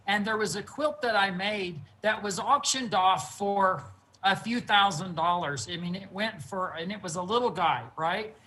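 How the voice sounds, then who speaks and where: A man speaks over a video call from his studio, telling stories in an earnest, unhurried way. Faint background noise sits under his voice. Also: high voice, bright, forceful tone, rough recording. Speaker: guest quilt artist. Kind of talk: casual storytelling interview.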